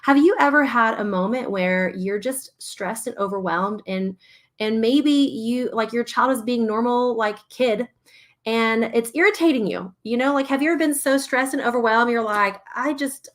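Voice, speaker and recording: A woman's voice: fairly high pitch, normal speed. A woman in her thirties, a play therapist, talking casually and animatedly to her viewers, often laughing. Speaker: registered play therapist and parenting host. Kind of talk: casual talk to a live audience.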